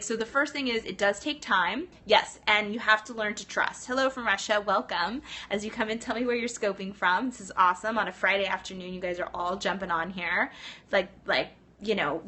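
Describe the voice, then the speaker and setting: A woman who owns a Pilates studio, chatting upbeat and fast in a casual live stream, greeting viewers and often asking "right?". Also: medium pitch. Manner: talks quickly when excited. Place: indoors in New York City.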